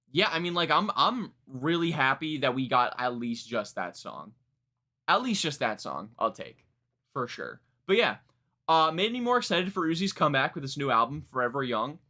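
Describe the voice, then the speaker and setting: A man chatting through a live music review, rambling and self-correcting as he goes. His voice is bright and forceful, set a little higher than usual for a man. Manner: rambling, many fillers and restarts, laughs at himself. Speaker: music reaction streamer. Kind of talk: live stream reaction chat.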